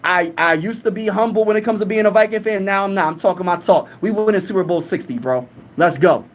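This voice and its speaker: A man's voice: high voice, fast talker. A young man hosting a live stream in casual chat, reading comments aloud and talking boastfully.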